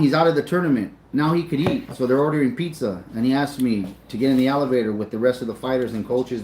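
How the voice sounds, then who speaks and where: A man's voice: medium pitch, darkish tone, echoey room, slight background noise, poor audio. A man telling a personal story in casual, profane speech, with emotion and plenty of repetition. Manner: emotional, profane, repeats himself. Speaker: storyteller recounting his son's boxing.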